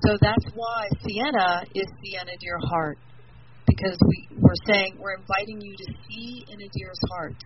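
A woman in her fifties talks in a soft, wandering voice, looping back over her words as she tells a story. The recording sounds dull and muffled. A steady hiss of noise runs underneath her. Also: medium pitch, measured pace. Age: 50s. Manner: meandering, repetitive, soft-spoken. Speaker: guest. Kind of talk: casual spiritual storytelling.

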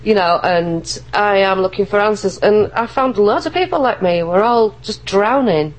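A woman's voice: medium pitch, animated, moderate pace, poor audio. A woman talking earnestly and emphatically as an interview guest, often restarting her sentences. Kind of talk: casual interview talk.

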